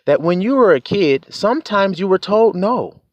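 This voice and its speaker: A man's voice: sits high, expressive, normal speed, no room sound, highs cut off. A young man, giving life advice in a casual, preachy monologue, laughing often, swearing, and acting out quotes.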